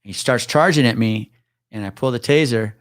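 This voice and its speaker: A man in his forties, a retired police officer, telling a profane, animated story as a podcast guest. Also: mid-range voice, a little fast, no room sound, studio quality. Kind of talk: casual storytelling chat.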